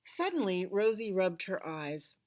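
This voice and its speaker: A woman reading a picture book aloud to children at a library storytime, in a gentle, expressive voice. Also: medium pitch, a little slow.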